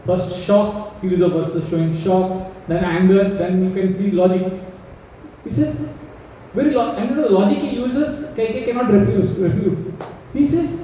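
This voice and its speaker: A man's voice: high voice, moderate pace, long pauses, mellow, slight background noise. Man telling scripture in an echoey hall. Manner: acts out the king's pleas in a raised voice; asks the audience questions. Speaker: temple speaker telling scripture. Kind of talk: storytelling discourse to a seated audience. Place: temple hall. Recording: echoey hall, mic at a distance.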